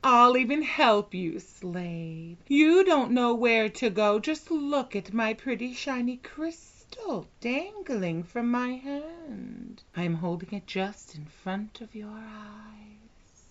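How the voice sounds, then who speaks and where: A woman in a whispered role-play, speaking as a dominant hypnotist with a soft, commanding, drawn-out delivery. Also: a little high, lively intonation, dull audio.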